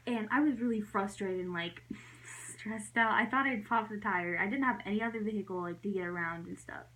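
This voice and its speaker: A woman's voice: mid-range voice, normal speed, a bit bright, poor audio. A young adult woman telling a storytime vlog in a chatty way, full of "like" fillers, her voice jumping up when she acts out her own reactions. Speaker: vlogger.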